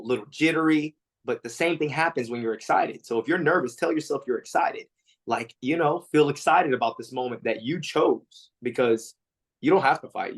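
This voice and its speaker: Fighter guy chatting in an interview, animated, lots of "like, you know". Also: mid-range voice. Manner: animated storytelling, acts out quotes; frequent fillers and restarts. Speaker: MMA fighter, interview guest. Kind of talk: casual interview answers.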